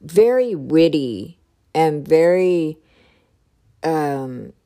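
Woman with a low mellow voice, talks slow and halting like she's hunting for words, casual storytelling. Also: expressive. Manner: hesitant, searching for words.

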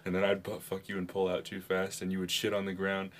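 A man's voice: low-pitched, monotone, quick pace. A man co-hosting a podcast, telling crude comedic stories, acting out quoted lines and laughing at his own jokes. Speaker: podcast co-host.

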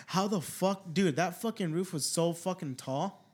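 A young man hosts a casual podcast, telling rowdy stories and swearing constantly in a loose, profane style. His voice is high-pitched with a darkish tone and a breathy edge, at a moderate pace.

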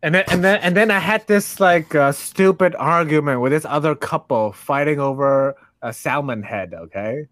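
A man telling a story in casual chat, animated and laughing, with many restarts and fillers. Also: fairly high pitch, moderate pace, hardly any pauses, no echo.

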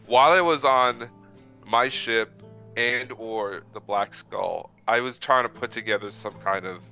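A man's voice: medium pitch, unhurried, sharp tone, lo-fi sound, soft background music. A man playing a tabletop game, chatting casually and laughing often. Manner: laughing, pleading. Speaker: player.

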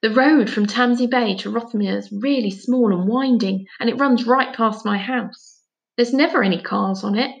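A woman voices a young boy who cannot keep still, his voice pitched up and pressing with urgency. He pleads and pushes the others in a storybook reading. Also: normal speed, vocal fry. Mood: urgent. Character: upset impatient boy, determined and urgent.

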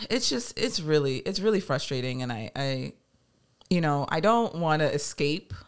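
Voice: mid-range voice, moderate pace, clean tone. Rambling, swearing podcast co-host. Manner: rambling, animated, swears freely. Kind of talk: casual podcast chat.

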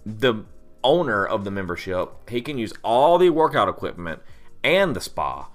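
A young man with a deep voice, chatting casually as a podcast co-host, rambling through his stories. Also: moderate pace, faint music behind. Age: young adult. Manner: rambling, animated storytelling. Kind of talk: casual chat.

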